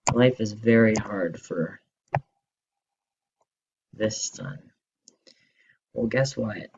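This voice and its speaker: A male teacher telling a story to children in an expressive, slow storytelling manner. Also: fairly low pitch, highs cut off, a little hiss or hum.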